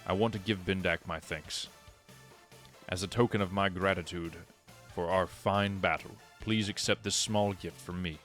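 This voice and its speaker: A man's voice: sits low, steady tone, normal speed, a bit bright, faint music behind. A man voicing a stiffly courteous rival trainer. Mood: gracious. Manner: stiff, courteous formal speech. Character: formal, gracious young male rival trainer.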